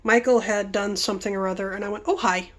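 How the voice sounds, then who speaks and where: A woman vlogger talks fast in a steady, mid-range voice, telling rambling, chatty stories. She keeps cutting herself off mid-thought while working with her hands.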